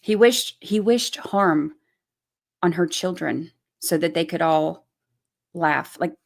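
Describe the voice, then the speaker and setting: A woman's voice: fairly low pitch, takes it slowly, gravelly. A woman hosting a livestream, giving heated commentary in blunt, profane language and repeating her points for emphasis. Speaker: channel host.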